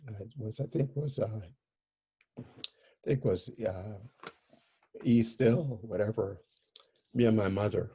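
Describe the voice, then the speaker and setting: Low, mellow-voiced man telling his story. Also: slight background noise. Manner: halting, searching for words, many fillers. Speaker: interview guest. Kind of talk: personal storytelling in an interview.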